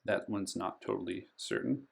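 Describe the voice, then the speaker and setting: The host of a board game channel teaches the pronunciation of map names slowly and precisely, lingering on and stressing each one, with frequent ums in the pauses. His voice is deep and husky, with vocal fry.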